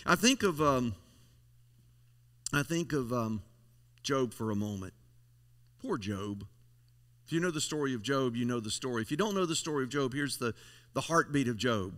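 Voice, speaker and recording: A man's voice: medium pitch, lively intonation, normal speed, pauses often, a bit bright. A male pastor preaching a folksy, emphatic sermon, leaning on repeated phrases. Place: church sanctuary. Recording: long church hall reverb.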